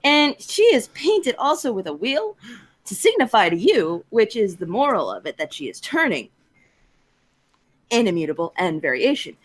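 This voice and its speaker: A woman's voice: mid-range voice, very animated, moderate pace. A woman reading a long-winded, earnest army captain in a casual live-streamed Shakespeare reading, lecturing in a wordy, fussy way.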